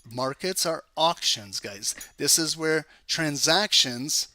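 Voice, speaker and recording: Energetic male trading coach, bright and fairly high voice, close dry sound. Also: slow, hardly any pauses, no echo. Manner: energetic, chatty, teasing the audience. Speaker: trading educator. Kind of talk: live market analysis walkthrough.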